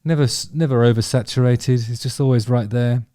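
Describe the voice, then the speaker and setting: A man's voice: mid-range voice, fairly even intonation, brisk, warm tone, no room sound, clean studio sound. A man chatting casually about favourite songs, rambling and enthusiastic, with many ums and restarts. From England. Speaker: vlog host talking about music.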